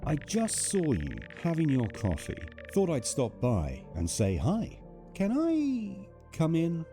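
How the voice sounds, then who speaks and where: Daniel, a creepy, too-sweet neighbor. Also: male voice, a little high, wildly swooping pitch, slow, soft background music, full character voice. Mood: creepy friendly. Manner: soft, unsettlingly sweet. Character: creepy overfriendly male neighbor. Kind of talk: horror game voice acting.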